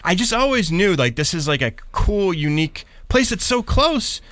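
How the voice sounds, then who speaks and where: An excitable man from Pittsburgh chats as a radio guest. His slightly high voice leaps up and down as he acts out quotes and laughs. The sound is dry and close. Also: moderate pace, dry recording. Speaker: guest, traveling content creator. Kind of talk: casual interview chat.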